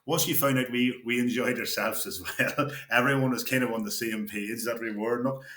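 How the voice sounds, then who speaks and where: A middle-aged man, a podcast guest recalling old stories in casual chat, halting and restarting his sentences and laughing as he goes. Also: mid-range voice, steady tone, bright, forceful tone. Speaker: podcast guest, former player. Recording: echoey room.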